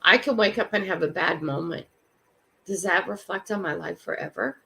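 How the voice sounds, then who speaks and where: A woman's voice: on the low side, moderate pace, creaky, pushed and bright, a little hiss or hum. An older woman hosting a morning livestream, greeting viewers by name and musing aloud in a casual, reflective way. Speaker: livestream host. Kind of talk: casual live chat.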